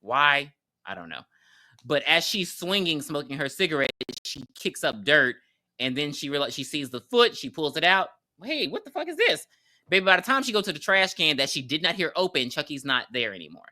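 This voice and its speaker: Talking a little fast in a mid-range voice, a podcast co-host recounts a horror movie in a relaxed, slangy way. There's lots of laughing, some profanity, and acted-out lines throughout the animated telling.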